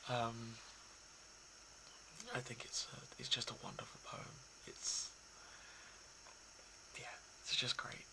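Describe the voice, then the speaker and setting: A man talking casually and reflectively to his viewers, soft and hesitant, with many pauses and restarts. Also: mid-range voice, completely flat delivery, vocal fry, background noise. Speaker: poetry reader.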